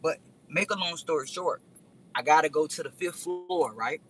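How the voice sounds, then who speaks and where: A woman vlogger with a low voice tells a rambling story at normal speed, and the recording is rough. She's animated and chatty, speaking straight to her viewers.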